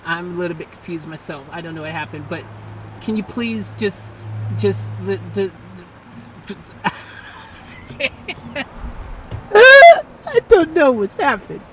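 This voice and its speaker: A woman's voice: on the low side, moderate pace, far from the mic, background noise. An American woman hosting a livestream, chatting casually and animatedly with an AI assistant, pleading and laughing. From United States. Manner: animated, pleading, repeating herself, bursts of laughter. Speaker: livestream host. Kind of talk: casual live chat with an AI assistant.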